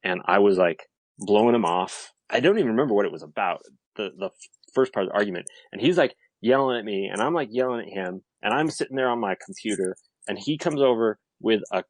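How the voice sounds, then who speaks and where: A man's voice: fairly low pitch, animated, quick pace, no echo, low-quality recording. A man in his thirties in casual podcast chat, telling a story animatedly with lots of fillers. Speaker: podcast guest.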